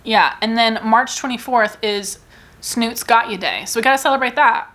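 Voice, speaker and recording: A woman's voice: on the high side, moderate pace, fairly bright tone. A woman book vlogger in a casual, rambling, self-deprecating chat, talking about her reading.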